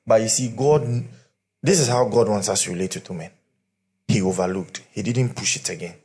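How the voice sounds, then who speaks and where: A man's voice: lowish voice, moderate pace, darkish tone. A middle-aged man, preaching a sermon through humorous storytelling.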